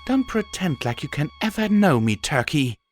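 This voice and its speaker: A man's voice: on the high side, very animated, normal speed, soft background music, pitched above the performer's own voice. A man voicing a sly, cruel female pegasus pony who taunts and threatens. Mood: menacing. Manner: mocking, taunting.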